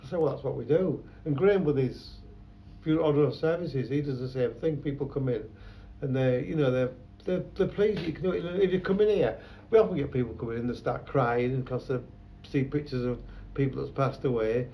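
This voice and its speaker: Seventy-something photographer rambling through stories, slight hiss, muffled recording. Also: male voice, medium pitch, fairly quick. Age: 70s. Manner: rambling anecdotal storyteller. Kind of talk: conversational interview.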